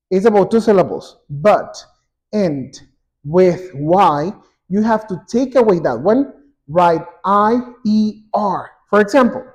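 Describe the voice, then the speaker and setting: A man teaching an English grammar lesson, saying example words twice, slowly and clearly. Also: high voice, darkish tone, dull audio. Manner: slow and repetitive, drawing out example words.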